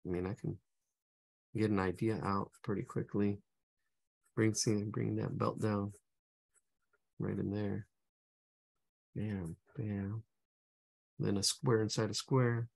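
Husky, gravelly man teaching drawing. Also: fairly low pitch, little pitch movement, slow, pauses often, darkish tone. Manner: casual, hums and talks to himself while sketching. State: losing his voice, clearing his throat. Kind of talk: live online drawing class.

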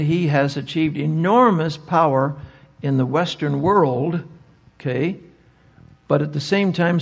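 A man's voice: a little high, creaky. An older man speaking at a Bible conference, answering audience questions with emphatic rhetorical questions. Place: conference hall.

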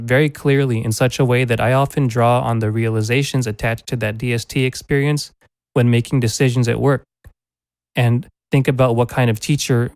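A male teacher with a medium-pitched, slightly mellow voice reads a scripted lecture in an earnest, reflective way. He is recorded up close on a studio condenser microphone, and the sound is dry.

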